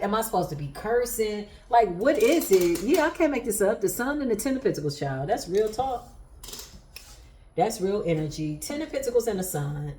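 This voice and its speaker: A woman's voice: mid-range voice, darkish tone, a little hiss or hum. Woman doing a tarot reading, sassy and laughing a lot, talking to viewers, kinda echoey room. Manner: chatty, laughs often, sassy asides to viewers. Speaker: tarot reader. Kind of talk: casual livestream tarot reading.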